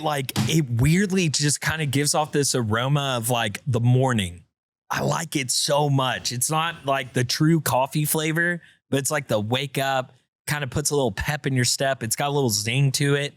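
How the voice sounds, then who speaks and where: A man's voice: mid-range voice, no room sound, studio quality. A man hosting a podcast, talking in a laid-back, rambling way and reading an ad. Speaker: podcast host. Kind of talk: casual chat with an ad read.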